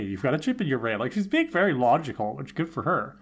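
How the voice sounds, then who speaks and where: A man's voice: on the high side, normal speed. A man co-host walking through scenes of a show. He acts out the characters' lines and chuckles between them, and his tone stays chatty and amused. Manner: animated retelling with quoted lines and chuckles. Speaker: podcast co-host. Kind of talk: casual chat recapping a TV episode.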